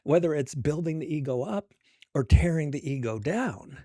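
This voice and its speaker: Middle-aged male author guest, warm mellow tone, casual and self-amused, dry close sound. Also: a little high, lively intonation, normal speed, no room sound. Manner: chatty and self-amused, many fillers. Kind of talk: casual interview conversation.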